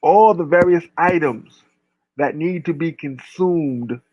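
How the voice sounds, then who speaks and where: High-voiced guy ranting and cussing, piling up lists, dry close sound. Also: slow pace, dry recording, dull audio. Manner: blunt and profane, piling up lists. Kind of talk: casual rant.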